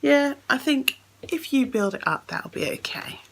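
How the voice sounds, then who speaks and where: Chatty woman with a gravelly voice. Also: high voice, expressive, measured pace, very noisy. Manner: chatty, thinking aloud while swatching. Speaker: beauty vlogger. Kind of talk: casual unboxing chat.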